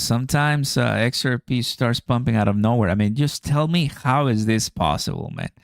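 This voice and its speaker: A man's voice: medium pitch, sing-song, moderate pace, gravelly, hardly any pauses, no echo, clean studio sound. A man hosting a crypto livestream, chatting casually to viewers in a slangy way and laughing often.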